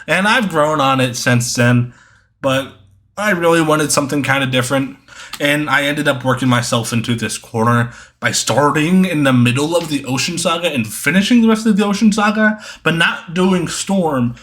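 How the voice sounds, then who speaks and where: A man's voice: on the high side, moderate pace, fairly bright tone. A young man answering viewer questions in a casual, rambling monologue, full of ums and self-corrections.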